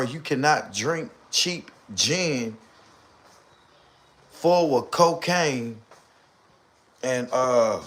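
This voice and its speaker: A man's voice: medium pitch, fairly bright tone. A man talking casually on a live stream. He comments animatedly and repeats points for emphasis.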